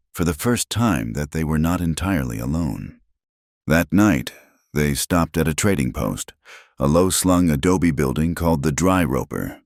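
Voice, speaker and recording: Very deep male narrator, steady storytelling, dry close mic. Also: no room sound. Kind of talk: scripted narration.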